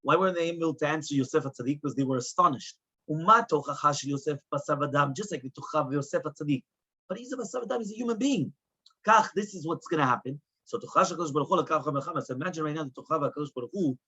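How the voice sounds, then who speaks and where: A man's voice: a little high, racing, sharp tone, slightly rough, poor audio. A man teaching a Talmud lesson as a rabbi, asking rhetorical questions and moving between Hebrew and English. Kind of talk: Talmud lecture.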